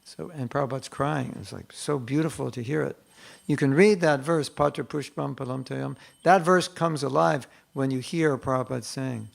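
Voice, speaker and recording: An older man giving a devotional class, earnest and conversational, softly acting out quoted prayers. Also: medium pitch, measured pace, creaky. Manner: earnest and conversational, acts out quotes in soft hushed tones. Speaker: spiritual teacher giving a class.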